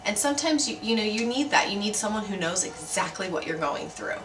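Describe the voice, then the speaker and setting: A woman's voice: mid-range voice, animated, a little fast, over music. A woman, an adoptive mother, talking candidly and earnestly to camera in a casual home vlog. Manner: candid and earnest, with soft fillers. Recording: roomy sound from a distant mic, faint noise.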